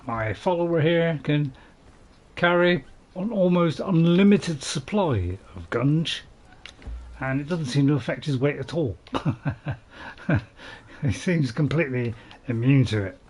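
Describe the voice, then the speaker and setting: A man's voice: on the high side, animated, slow, darkish tone, husky. Chatty Northern English man streaming a game. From North England. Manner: chatty, rambling, laughs at his own jokes; joking, chatting with viewers. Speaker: gaming streamer. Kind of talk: casual gameplay live stream.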